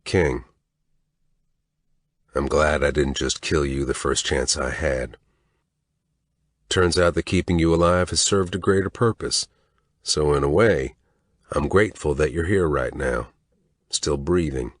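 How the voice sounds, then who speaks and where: A man's voice: rumbling low, unhurried, long pauses, no room sound, clean studio sound. A man narrating a story in a menacing, crude voice. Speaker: audiobook narrator. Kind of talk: scripted narration.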